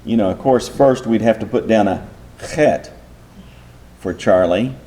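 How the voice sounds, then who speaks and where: A man's voice: fairly low pitch, a little slow, dark tone. A man teaching a Bible class in a lecture style, patiently explaining step by step and posing rhetorical questions to his listeners.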